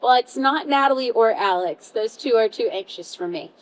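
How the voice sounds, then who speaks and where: Bubbly woman panelist, a little high, chatty and laughing. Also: lively intonation, normal speed, slight background noise, low-quality recording. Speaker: voice actor panelist. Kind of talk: convention panel chat. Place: convention panel room.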